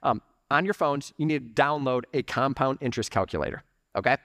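A young adult man preaching a conversational, animated sermon in church, peppering his talk with "like" and "okay". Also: mid-range voice, fairly quick, no echo, studio quality. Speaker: pastor. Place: church sanctuary.

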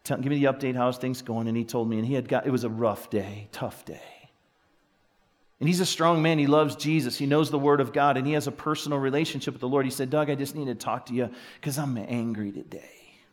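A middle-aged male pastor preaching a sermon, moving from hushed, near-whispered storytelling to loud, excited shouting. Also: mid-range voice, fast.

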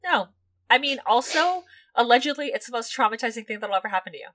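A woman's voice: on the high side, lively intonation, fast talker, fairly bright tone. A woman co-hosting a true crime podcast, reading a disturbing transcript in a level, grave tone and chatting bluntly with some swearing. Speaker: podcast co-host.

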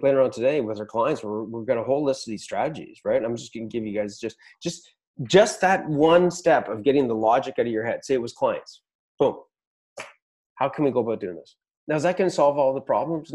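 Blunt, swearing man with a mellow voice. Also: medium pitch, fairly quick. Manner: blunt, swears a lot, pep-talk energy. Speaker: podcast host. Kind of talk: motivational business talk.

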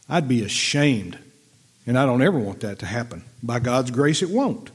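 Husky-voiced man preaching. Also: on the high side. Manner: folksy, conversational, reads verses aloud. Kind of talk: sermon teaching from scripture.

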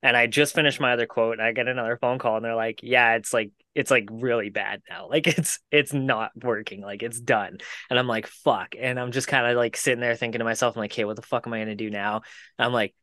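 A man's voice: medium pitch, fairly even intonation, quick pace, sharp tone, no echo, clean studio sound. A man, co-hosting a podcast and telling a long casual story to friends, swearing freely and laughing as he goes. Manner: rambling with many "like" fillers. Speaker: podcast co-host.

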